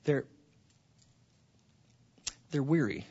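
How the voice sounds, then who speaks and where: A man preaching a sermon to his congregation, passionate, dropping to hushed tones and then rising to near-shouts. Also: medium pitch, drawn-out words, slightly rough, lo-fi sound. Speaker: pastor.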